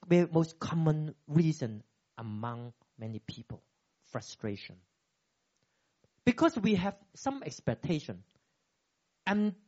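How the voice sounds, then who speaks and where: A man in his fifties preaching a sermon as a pastor, animated and acting out quoted dialogue with sudden pitch jumps. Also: highs cut off.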